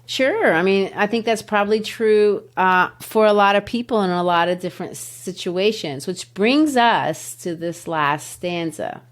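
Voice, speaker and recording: A middle-aged woman teacher hosting a literature podcast. She explains a poem in a teacherly, emphatic way, and her voice sits at an ordinary middle pitch. She stretches out key words and rushes through asides. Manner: teacherly, emphatic, shifts pace to stress words.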